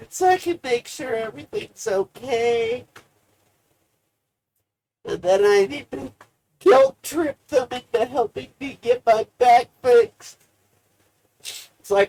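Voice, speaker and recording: Streamer, gravelly and unhurried, profane rambling monologue with wide swings in pitch. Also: animated. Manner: swings between low mutters and loud outbursts. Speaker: livestreamer.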